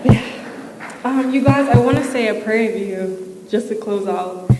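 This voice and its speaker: A woman's voice: on the high side, unhurried. A young woman giving an inspirational, faith-filled commencement speech, casual and emotional, with many fillers. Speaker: commencement speaker. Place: large hall at a ceremony. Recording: echoey hall with crowd noise.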